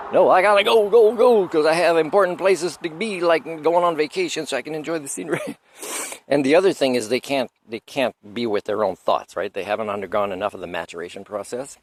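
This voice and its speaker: A man's voice: medium pitch, slight background noise. A man with a French accent talking in a rambling, opinionated roadside monologue, chuckling as he goes. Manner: opinionated, digressive, chuckles often. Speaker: vlogger. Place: outdoors by a road, on a motorcycle trip.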